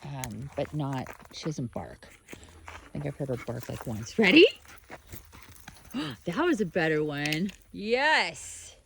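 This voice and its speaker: A woman with a low voice talks slowly and casually through a video diary about her dog. Her pitch rises and falls a lot as she rambles and slips into playful baby-talk outdoors on a rural property. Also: lively intonation, vocal fry, slight background noise. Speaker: vlogger, dog owner.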